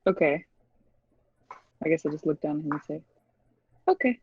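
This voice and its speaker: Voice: medium pitch, flat delivery, brisk, darkish tone, breathy edge, dry recording. A tabletop game player chatting playfully while describing their character's actions. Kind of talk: casual tabletop play. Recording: dull lo-fi recording.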